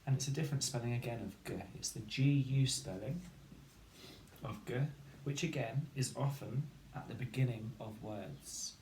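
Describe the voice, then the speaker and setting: A man's voice: medium pitch, normal speed, a little mellow. A man teaching a phonics lesson, patiently sounding out letters and words. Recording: echoey room, faint background noise.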